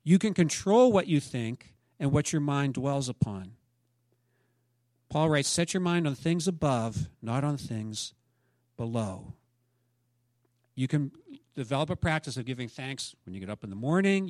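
A man's voice: medium pitch, lively intonation, normal speed, no room sound. Dry, close-miked preaching man. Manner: preacherly, rising to emphatic peaks then dropping soft. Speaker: pastor. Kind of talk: sermon.

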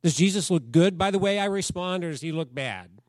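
A man's voice: high-pitched, animated, brisk, no echo, clean studio sound. Conversational man preaching a sermon. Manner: conversational storytelling preacher, asks the congregation questions. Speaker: pastor.

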